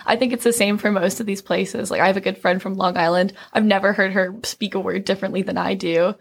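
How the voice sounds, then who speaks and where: A woman's voice: medium pitch, fairly even intonation, fast, vocal fry, breathy edge. A woman from Atlanta, Georgia, talking casually on a podcast panel and building her points with examples.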